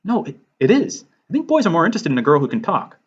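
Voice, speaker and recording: A man's voice: a little high, sing-song, slightly rough, lo-fi sound, voice pushed up. A man reading a nervous teenage girl. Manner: halting and nervous.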